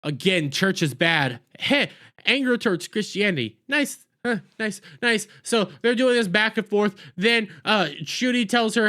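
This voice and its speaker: A man giving an exasperated, sarcastic review, retelling scenes with loud outbursts and put-on quotes. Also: high-pitched, expressive, unhurried. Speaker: video reviewer. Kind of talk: ranting video review.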